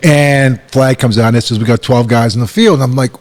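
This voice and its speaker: A man in his sixties tells stories at a bar table, voice of middle height. He acts out every quote, jumping sharply higher whenever he replays what was said. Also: brisk. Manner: animated, acts out quotes with sharp rises in pitch. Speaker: guest, former football coach. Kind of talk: storytelling in casual chat.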